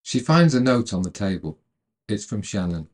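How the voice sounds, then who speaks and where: Low-voiced man calmly retelling a story. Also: normal speed. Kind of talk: scripted narration and commentary.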